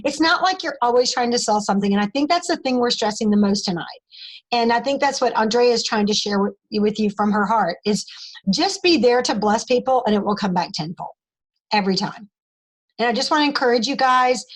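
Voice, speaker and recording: A woman's voice: fairly high pitch, poor audio. A woman leading a team call, talking in an upbeat, encouraging, rambling way while losing her voice.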